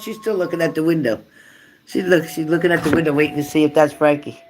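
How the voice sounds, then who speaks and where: A man's voice: fairly high pitch, a little fast. A man hosting a tarot live stream in a casual, chatty way, reading out viewer comments and answering them earnestly.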